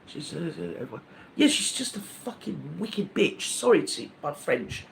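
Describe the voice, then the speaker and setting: A man's voice: a little high, sing-song, moderate pace, creaky, a bit bright, a little hiss or hum. A man hosting a live stream, ranting in a rambling, indignant, gossipy way with many restarts.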